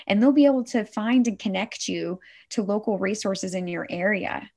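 A middle-aged woman from Oklahoma, a suicide prevention worker, talking as an interview guest in a lively way that checks in with "right?" and acts out quotes. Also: mid-range voice, moderate pace, few pauses. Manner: animated, says "right?" often, acts out quotes. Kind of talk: conversational interview.

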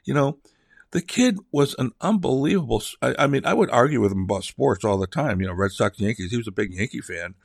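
A man's voice: mid-range voice, expressive, fast talker, vocal fry, dry recording, clean studio sound. An older man telling a rambling personal story, chatty and digressive, full of fillers and restarts, acting out voices for comic effect.

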